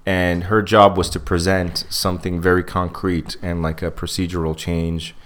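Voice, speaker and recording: A man hosting a podcast, telling a story in casual chat, halting with fillers and then acting out the people in it. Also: low-pitched. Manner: animated storyteller, acts out quoted people; halting, many fillers and restarts. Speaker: podcast host.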